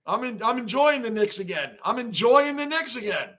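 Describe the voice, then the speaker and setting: A man with a very high, bright voice hosts a live sports reaction stream. He talks casually to his chat, calling out scores and names, and shouts when the game heats up. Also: moderate pace. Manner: excitable, shouts at big plays, reads chat names aloud. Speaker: livestream host.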